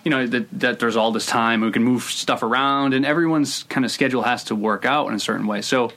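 A man's voice: mid-range voice, brisk, fairly bright tone. Rambling man, screenwriter guest. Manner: rambling, many restarts and hedges. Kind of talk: casual interview talk.

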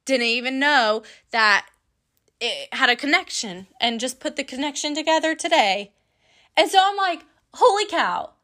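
Young woman, higher register, chatty faith testimony, earnest, laughs easily. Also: expressive, normal speed, sharp tone. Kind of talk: casual personal faith testimony.

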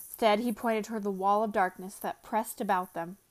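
A woman reading a novel aloud to a student with careful, deliberate delivery. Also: mid-range voice, steady tone.

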